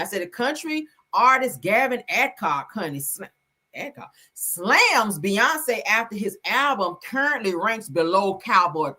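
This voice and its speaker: Woman streamer, sassy profane commentary host, lively and bright. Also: a little high. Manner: sassy, emphatic, profane, addresses viewers. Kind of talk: casual commentary livestream.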